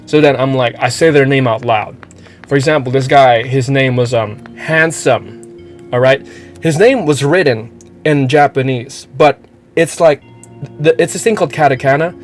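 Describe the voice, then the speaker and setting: A man from the Philippines with an American-sounding accent, giving casual, rambling let's-play commentary and swearing freely. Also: medium pitch. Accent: American-sounding English. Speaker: streamer playing a game.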